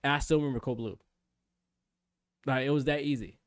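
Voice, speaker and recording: A man's voice: medium pitch, fairly even intonation, a little fast, smooth, dry recording, studio quality. A young man casually telling a long story on his livestream, rambling and profane, full of restarts. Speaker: streamer.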